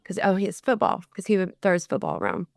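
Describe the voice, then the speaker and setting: A woman's voice: on the low side, fast, vocal fry, no room sound, clean studio sound. A woman in her forties, a bereaved mother and podcast guest, telling stories in casual chat and acting out the people she quotes. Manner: chatty, animated when quoting others.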